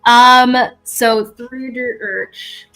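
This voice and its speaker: A woman with a fairly high voice runs a tabletop game as game master. She narrates in a rambling way, corrects herself as she goes and drops in playful sound effects, with faint music underneath. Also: fairly even intonation, drawn-out words, sharp tone, poor audio.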